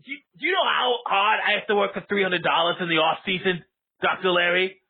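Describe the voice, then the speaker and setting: A hot-tempered male baseball mascot, played by a man, rants in a husky, slightly high voice. He stammers and swears as he talks, and his voice comes through a thin, tinny phone line. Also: a little fast. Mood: aggrieved. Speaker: caller.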